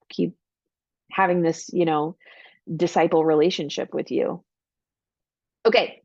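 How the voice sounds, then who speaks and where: A woman's voice: medium pitch, dry recording, dull audio. A woman giving an online parenting workshop in a casual, chatty way, full of "like" and "right?", acting out encouraging lines for parents. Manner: acts out warm parent lines in a brighter voice.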